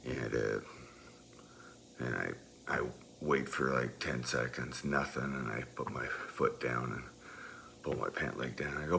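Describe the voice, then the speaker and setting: A man telling a personal story in a loose, animated way, moving from quiet asides to loud, emphatic bursts. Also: a bass voice, measured pace, vocal fry, slight background noise. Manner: loose, with many fillers and restarts.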